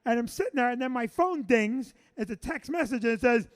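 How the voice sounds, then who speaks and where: A man with an unusually high voice hosts a live comedy show and tells a rowdy story full of swearing. He acts out each person in the tale as he goes. He is from New Jersey. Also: expressive, a little fast. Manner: profane, boisterous, acts out the people in his stories. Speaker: comedy club owner and show host. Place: live show with a room audience.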